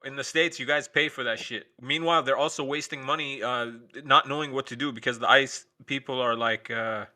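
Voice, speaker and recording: A man's voice: mid-range voice, steady tone, brisk, sharp tone. A man hosting a late-night stream, ranting in a profane, sarcastic, rambling way. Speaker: stream host. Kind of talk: casual ranting chat.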